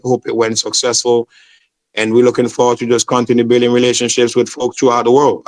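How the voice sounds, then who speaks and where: A man from Saint Vincent, talking passionately as an interview guest and repeating "man" and "bro". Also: mid-range voice. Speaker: football promoter, guest. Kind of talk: casual interview chat.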